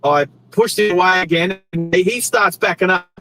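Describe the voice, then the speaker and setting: An Australian man hosting a show, telling a rambling, animated story with restarts while he drives his car. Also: sits high, moderate pace, over music, rough recording. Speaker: host. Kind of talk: casual storytelling while driving. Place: inside a car on the road.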